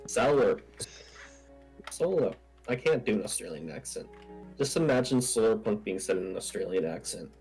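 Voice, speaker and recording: A man's voice: on the low side, big pitch swings, a little fast, darkish tone, faint music behind, low-quality recording. A man hosting a casual gaming chat, playful and giggly as he builds and jokes. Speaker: server host building in game.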